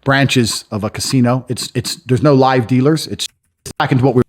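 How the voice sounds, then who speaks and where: A man's voice: medium pitch, moderate pace. A man who is a podcast guest, boastfully telling stories in a brash, crude way and acting out other people's lines. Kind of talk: boastful storytelling in casual chat. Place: lives in London.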